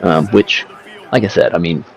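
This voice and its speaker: A man's voice: sits low, normal speed, gravelly. A man giving casual, rambling commentary over his gameplay, talking in loose slang and swearing freely. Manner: rambling, profane, laid-back slang. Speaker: gaming video creator. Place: seated at home setup. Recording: slightly dull lo-fi mic.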